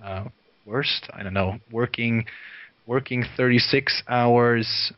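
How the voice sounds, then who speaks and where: A man from Sweden, a guest video director, telling lively anecdotes in casual chat and laughing often. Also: mid-range voice, slow, no echo. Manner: lively storyteller, laughs often, many fillers. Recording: dry, dull lo-fi sound.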